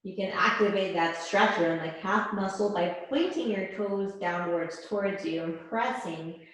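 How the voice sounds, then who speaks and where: A woman yoga instructor guiding a class, giving slow, calm, soothing cues with pauses. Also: medium pitch. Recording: very echoey room.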